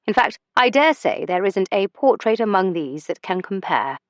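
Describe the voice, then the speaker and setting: A charming young gentleman gambler with a gallant, teasing way of talking, as a woman narrator reads him. His lines sit at an everyday middle pitch and are recorded very dry and close. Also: sing-song, normal speed, no room sound, natural voice. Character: charming young male gambler posing as an heir.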